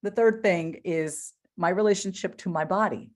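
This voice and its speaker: A woman presenting a motivational webinar in a voice that sits a little low. She speaks earnestly and directly, firing rhetorical questions at her listeners and repeating key phrases for weight. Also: normal speed, a little mellow. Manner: direct, asks the audience many rhetorical questions. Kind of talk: motivational talk to an online audience.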